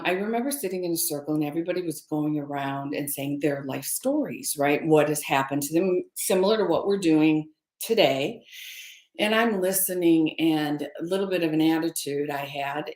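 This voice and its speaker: A woman's voice: on the low side, reverberant. A middle-aged woman candidly telling a personal story as a webinar guest, with hesitant fillers. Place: room, recorded for a webinar.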